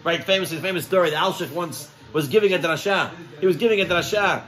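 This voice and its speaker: A man, a rabbi, giving a storytelling sermon, lively and acting out the people in his stories. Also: fast, low-quality recording. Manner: animated storytelling, acts out quoted characters with raised pitch.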